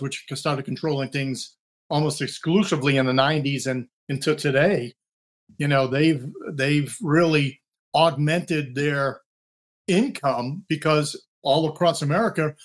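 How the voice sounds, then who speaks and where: Retired older man explaining at length. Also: fairly high pitch. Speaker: retired drug agent guest. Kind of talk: podcast interview.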